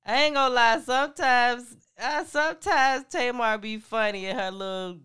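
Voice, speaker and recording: A woman's voice: on the high side, fairly bright tone, clear, resonant tone. A woman hosting a podcast with casual gossip commentary, laughing often, swearing freely and talking to her listeners directly. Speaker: podcast host.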